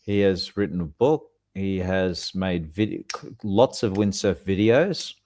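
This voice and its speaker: Low-voiced man reading chat comments. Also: slow pace, a little mellow. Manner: chatty, reads viewer comments aloud, laughs often. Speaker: podcast co-host reading live comments. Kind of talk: casual live-stream chat.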